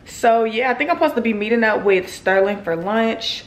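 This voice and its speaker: A woman's voice: on the high side, expressive, moderate pace, reverberant. A young woman chatting casually to her viewers in a home vlog, laid-back and talkative, filmed on a handheld camera indoors. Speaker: vlogger.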